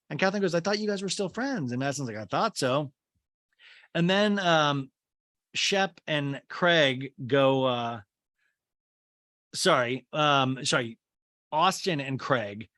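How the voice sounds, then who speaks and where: A man's voice: mid-range voice, animated, normal speed, a bit bright, dry recording, clean studio sound. A young man hosting a podcast, recapping a reality show in a chatty, self-mocking way and acting out quotes in exaggerated voices. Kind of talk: casual comedic recap.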